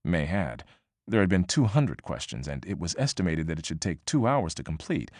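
A man reading a novel aloud as audiobook narrator, measured and expressive. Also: deep voice, no echo, clean studio sound. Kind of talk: scripted narration.

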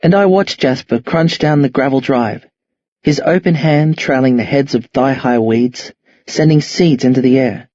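A man reading a first-person novel as an audiobook, in a measured, understated manner. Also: medium pitch, darkish tone, dry recording, dull audio. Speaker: audiobook narrator.

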